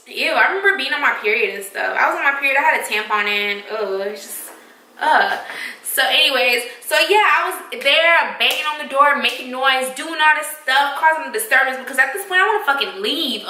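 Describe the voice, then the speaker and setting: Young woman, bright sharp voice, echoey room, a bit off-mic, animated profane storytelling. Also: high-pitched, moderate pace, recorded from a distance, slight background noise. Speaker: vlogger. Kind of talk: storytime vlog.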